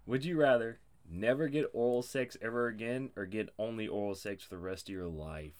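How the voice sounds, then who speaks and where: A man in his twenties co-hosting a casual podcast chat, swearing constantly and laughing loudly. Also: lowish voice, normal speed. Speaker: podcast co-host.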